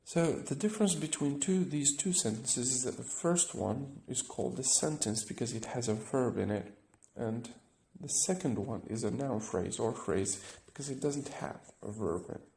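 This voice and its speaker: A man with a gravelly, creaky voice teaches a grammar lesson, walking through examples step by step and checking in with "right?". The recording has a noticeable echo from the room. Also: medium pitch, moderate pace, hardly any pauses, darkish tone. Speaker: English teacher.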